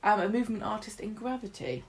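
A woman co-hosting a podcast, chatting eagerly and tumbling through fillers and restarts. Her voice sits at an ordinary pitch for a woman. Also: fast talker. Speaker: podcast co-host. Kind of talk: casual chat about a soap opera.

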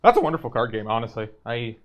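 A man's voice: mid-range voice, big pitch swings, fast. A man co-hosting a livestream, chatting easily about his games. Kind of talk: casual livestream chat.

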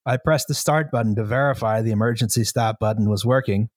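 A man reading a story aloud to a co-host in a measured, steady way, now and then breaking into laughter. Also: mid-range voice, dry recording, studio quality. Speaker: story reader.

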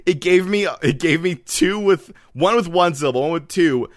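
A man's voice: on the high side, lively intonation, moderate pace, no echo, studio quality. A man co-hosting a podcast in casual chat, rambling, laughing often and tripping over his words. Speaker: podcast co-host.

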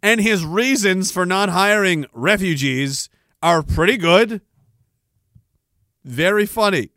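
A man hosting a podcast with a high, bright voice, ranting in a sardonic, profane way and laughing at his own jokes. The sound is dry and close. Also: slow pace, dry recording. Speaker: podcast host. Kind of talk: casual ranting commentary.

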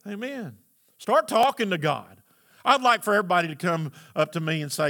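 A man preaching from the pulpit in a bright, forceful voice. He calls out to the congregation for answers and climbs into shouted emphasis. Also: sits high, sing-song, fairly quick. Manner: preaching with call-and-response, rising to shouts. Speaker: pastor. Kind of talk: sermon.

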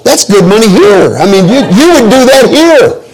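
Gravelly pastor telling folksy stories. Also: male voice, sits high, sing-song, moderate pace, a little mellow, poor audio. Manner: folksy, joking storytelling with many restarts. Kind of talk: sermon.

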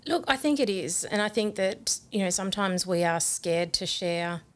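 A woman's voice: medium pitch, animated, moderate pace. A woman who is a guest in a studio interview, speaking in an upbeat, encouraging way.

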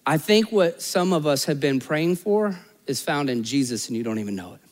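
A man pastor preaching a sermon, telling stories and acting out the people in them, rising high in the anecdotes and dropping soft in the appeals. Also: normal speed, in a large hall. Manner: storytelling, voices characters in anecdotes; animated, rises high and loud in stories, drops low and soft for appeals.

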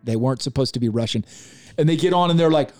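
A man's voice: mid-range voice, fast talker, a little mellow, faint music behind. A man co-hosting a casual chat, ranting animatedly and exasperated, often mocking lines in quoted voices. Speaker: podcast co-host reviewing a film.

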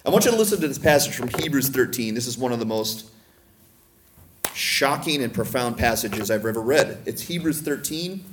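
A man preaching a sermon as pastor, playful and teasing with gentle humor. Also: medium pitch, animated, normal speed, noisy background. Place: church sanctuary. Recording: echoey church room.

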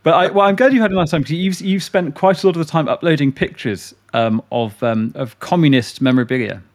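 A man's voice: on the high side, brisk, darkish tone. A man co-hosting a podcast, speaking in a wry, hesitant way with many fillers. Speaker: podcast co-host. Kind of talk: casual podcast chat.

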